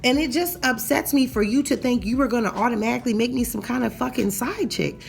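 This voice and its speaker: A woman's voice: a little high, quick pace, creaky, a little hiss or hum. Blunt, profane woman ranting. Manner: blunt, profane, heated and emphatic. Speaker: vlogger. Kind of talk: ranting storytime vlog.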